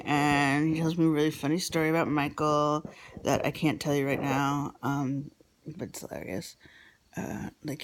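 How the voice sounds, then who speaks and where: A woman vlogger telling a personal story in a rambling, casual way with many fillers, sometimes dropping to a whisper. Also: sits low.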